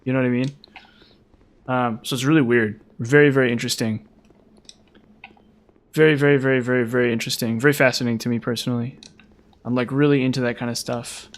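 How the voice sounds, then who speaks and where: A man's voice: mid-range voice, steady tone, quick pace. A man with a mild Utah accent, chatting casually with viewers on a live stream. He rambles, repeats words and uses many fillers. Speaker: gaming streamer.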